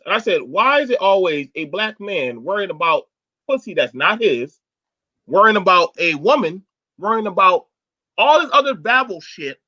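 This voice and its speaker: A man's voice: high voice, big pitch swings, moderate pace, bright, forceful tone. A man hosting a casual online panel, talking bluntly and profanely with lots of animation. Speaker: host. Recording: dull lo-fi sound.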